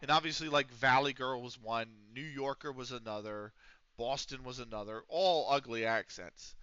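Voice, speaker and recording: Bright-voiced ranting American streamer man. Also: mid-range voice, moderate pace, clear, resonant tone, dry recording. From Pennsylvania, USA. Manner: rambling, profane, ranting. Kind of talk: casual gaming stream chat. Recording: dull lo-fi stream audio with faint noise.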